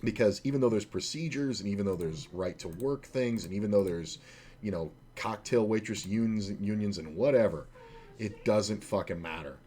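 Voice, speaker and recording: Guy streaming poker, kinda low voice, swears a lot, lots of uhs, little hiss and typing behind. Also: normal speed, warm tone. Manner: rambling, profane, heavy on filler words. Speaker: poker streamer and former casino dealer trainer. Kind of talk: casual storytelling while playing online poker.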